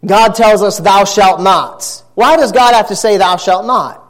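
A male pastor with a notably high voice, delivering a church sermon. He talks earnestly to his congregation and drops the odd dry, wry aside. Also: measured pace, fairly bright tone.

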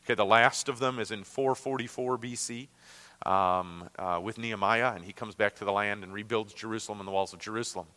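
A man's voice: on the low side, bright, forceful tone, clear, resonant tone, long reverb tail. A man with a Great Lakes American accent teaching a Bible lesson, talking conversationally with frequent fillers and restarts.

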